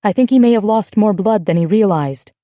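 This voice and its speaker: A woman's voice: medium pitch, fairly quick, no echo, clean studio sound, lightly acted. Woman reading a cautious, protective woman. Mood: calm. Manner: steady, calm, explaining. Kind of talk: audiobook character voice.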